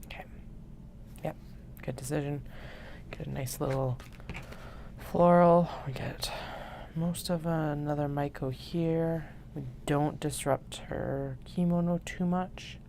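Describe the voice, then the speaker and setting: Low creaky-voiced woman muttering over crafts. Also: steady tone, slow, long pauses, slight background noise. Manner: mutters to herself, soft half-whispered asides. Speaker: craft livestream host. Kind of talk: casual livestream chat while cutting fabric.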